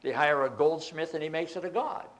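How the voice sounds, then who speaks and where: A man's voice: on the high side, fairly quick. A man preaching a Bible teaching, reading scripture aloud and explaining it with emphatic outbursts.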